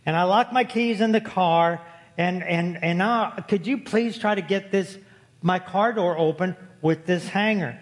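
A man voicing a frantic mother who is locked out of her car, emphatic and high-pitched. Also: unhurried. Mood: pleading. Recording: long hall reverb.

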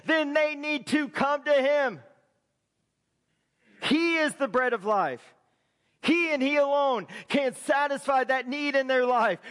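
Male pastor, very high voice, sermon delivery with loud shouted peaks. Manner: preaching with rising shouted emphasis.

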